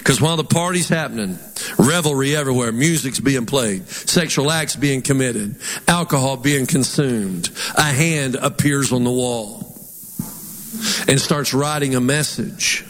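Folksy twangy preacher man in a hall. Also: unhurried. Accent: Southern US twang. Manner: animated, folksy, mock voices and jumps in pitch. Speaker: pastor. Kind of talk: sermon. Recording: long hall reverb.

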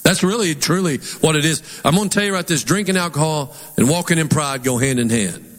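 A pastor with a Southern twang preaching a sermon in an animated, folksy way, putting on mock voices. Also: male voice, fairly high pitch, fairly quick. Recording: long hall reverb.

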